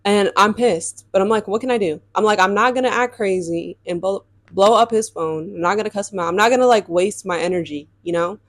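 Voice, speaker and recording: A young woman telling viewers a storytime about her dating life in a chatty, animated way. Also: medium pitch, a little fast, few pauses, no room sound. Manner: chatty, addresses viewers as y'all, animated retelling. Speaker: storytime vlogger. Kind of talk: casual storytime vlog.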